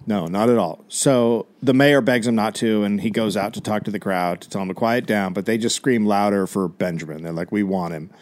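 A man, a comedian and podcast host, telling a history story in a deadpan comic way. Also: lowish voice, a little fast, hardly any pauses.

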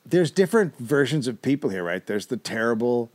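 A man's voice: medium pitch, big pitch swings, fairly quick, a little mellow. A man co-hosting a comedy podcast, telling a history story casually with wry asides and the odd swear.

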